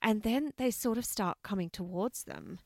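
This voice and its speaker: A woman co-hosting a podcast, chatting casually and telling stories with excitement, laughing often. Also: medium pitch, normal speed, creaky, no room sound. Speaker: podcast co-host. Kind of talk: casual chat.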